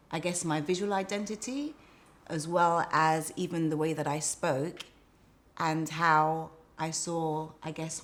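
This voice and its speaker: Low-voiced woman with a London accent. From Ghana. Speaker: interviewee. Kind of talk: reflective interview talk.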